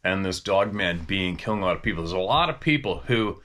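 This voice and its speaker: A man's voice: deep voice, lively intonation, brisk, fairly bright tone. A man hosting a casual talk, a former hunting guide telling stories in a rambling, questioning way. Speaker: host.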